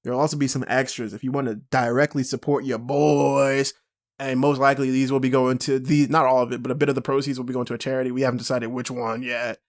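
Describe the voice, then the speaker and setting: A young man co-hosting a podcast, chatting excitably, laughing often and swearing a lot. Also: medium pitch, fast talker. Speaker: podcast co-host. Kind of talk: casual chat.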